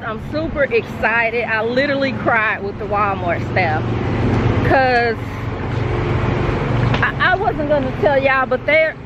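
Lady in her 30s, chatty excited vlog on a handheld phone, lots of car noise around. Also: a little high, dull audio. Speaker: vlogger. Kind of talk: casual vlog. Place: store, then parked car.

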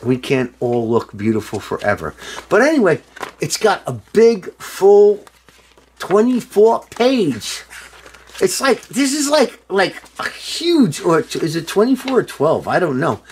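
A tipsy middle-aged man rambling excitedly in a casual video monologue, swearing and breaking into loud outbursts. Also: fairly high pitch, measured pace, slight background noise. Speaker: former band member showing a reissued album.

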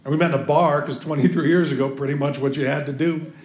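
A male stand-up comedian making quick, wry asides to the audience. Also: on the high side, fairly even intonation. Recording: echoey live room, loud crowd.

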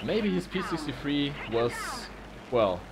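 A man's voice: fairly high pitch, sing-song, a crowd in the background. A man commenting live on a video game match with playful, joking banter. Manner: playful, jokey, fast banter. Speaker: esports commentator.

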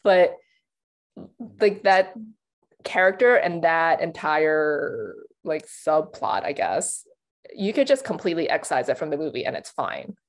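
A young woman with a fairly low voice talks awards predictions in a loose, casual panel chat. She fills her sentences with "like" and restarts. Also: sing-song, measured pace. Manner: chatty, lots of "like" and restarts, laughs easily. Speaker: awards pundit.

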